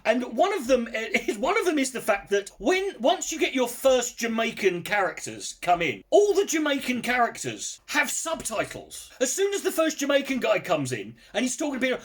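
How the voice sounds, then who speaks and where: A man with a very high voice, ranting to camera about a film he disliked. His pitch jumps all over the place as he mocks and swears, and he keeps stumbling and restarting mid-sentence in his exasperation. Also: huge pitch swings, normal speed, few pauses. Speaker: film reviewer. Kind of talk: casual rant to camera.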